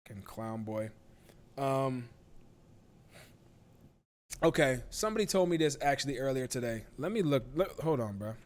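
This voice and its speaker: A man's voice: medium pitch, animated, moderate pace, long pauses, a little mellow. A man hosting a live-stream talk show, ranting casually with profanity and disbelief. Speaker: livestream talk show host.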